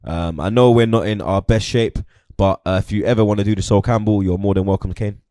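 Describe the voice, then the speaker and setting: A man's voice: on the low side, fairly even intonation, fairly quick, dark tone, no echo, studio quality. A young man chatting casually about football as host, peppering his talk with slang like "you get me" and "blood".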